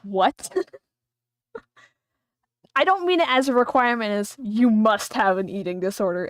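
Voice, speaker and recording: A woman's voice: medium pitch, lively intonation, unhurried, clear, resonant tone, no room sound, clean studio sound. A woman streamer chatting casually and rambling while she draws on a livestream. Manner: chatty, rambling, thinking aloud.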